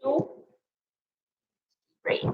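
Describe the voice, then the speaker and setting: A woman yoga teacher giving an earnest, emotional motivational talk, sometimes dropping into soft near-whispers. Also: very slow, highs cut off. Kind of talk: personal motivational monologue.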